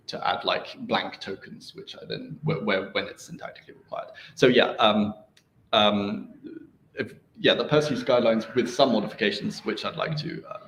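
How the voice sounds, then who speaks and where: A man's voice: on the low side, gravelly, a bit bright. A young man presenting his research at an academic seminar, hesitant with many ums and restarts, over a video call. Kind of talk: academic seminar talk and answers. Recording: roomy, faint noise.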